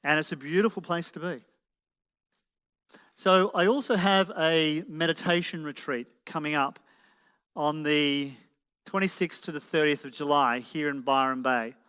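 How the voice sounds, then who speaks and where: Unhurried, pushed and bright with a clean tone, this fairly high male voice belongs to a motivational speaker. He presents live in an event hall with an audience, the room reverberant, and peppers listeners with rhetorical questions.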